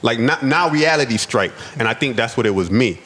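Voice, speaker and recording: A man's voice: medium pitch, lively intonation, brisk, a bit bright. A man from the United States, a podcast guest, telling his own story earnestly and often repeating words as he goes. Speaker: podcast guest, restaurant owner. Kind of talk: personal storytelling.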